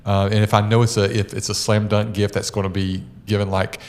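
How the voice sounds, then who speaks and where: A man's voice: on the low side, level tone, brisk. A middle-aged man co-hosting a podcast, chatting casually and telling stories with lots of "uh" and "you know". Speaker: podcast co-host.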